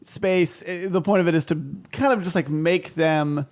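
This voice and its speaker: A man's voice: high voice, normal speed, a little mellow. A man co-hosting a comedy podcast, rambling and laughing through casual banter. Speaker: podcast co-host.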